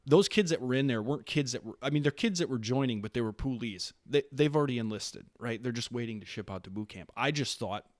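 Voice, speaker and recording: A man in his late thirties, originally from Wisconsin, tells stories as a podcast guest in a relaxed and lively way. He often restarts his sentences and does the voices of the people in his stories. The recording is dry and close, with no room sound. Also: medium pitch, fast talker, hardly any pauses, no echo. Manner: animated storyteller who acts out quoted lines, with frequent restarts. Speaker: podcast guest, Marine staff sergeant. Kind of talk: casual storytelling interview.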